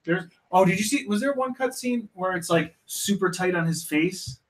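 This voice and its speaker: A man's voice: high voice, moderate pace. A man co-hosting a casual podcast, dropping wry jokes and short remarks. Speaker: podcast co-host.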